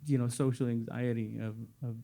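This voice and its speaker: A man's voice: mid-range voice, little pitch movement, brisk, creaky, warm tone, a little hiss or hum. A male comedian on a panel, telling self-deprecating stories in a laid-back way. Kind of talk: panel discussion.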